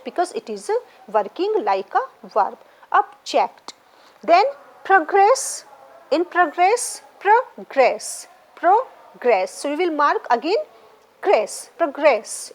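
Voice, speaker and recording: A woman, teaching an exam lesson and patiently explaining syllables and stress, often repeating words. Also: high voice. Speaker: English teacher. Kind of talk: exam preparation lecture.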